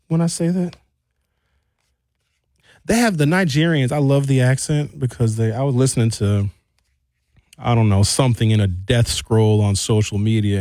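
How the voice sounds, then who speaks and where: A man's voice: mellow, no echo. Joking rambling man, dry studio sound. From Milwaukee, United States. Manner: rambling, joking, swings pitch for effect. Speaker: radio show host. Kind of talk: casual comedic studio chat. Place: radio studio.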